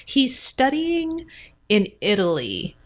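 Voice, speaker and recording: A woman co-hosting a casual movie podcast, lively and steering the conversation forward. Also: high voice, slow pace. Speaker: podcast co-host. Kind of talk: casual chat about a movie.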